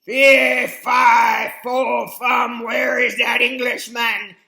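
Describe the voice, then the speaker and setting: A woman voicing a huge, bad-tempered male giant who booms his chant slowly for a storybook reading. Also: flat delivery, pushed and bright, echoey room, shouting, exaggerated voice. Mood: shouting. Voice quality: booming, drawn-out chant.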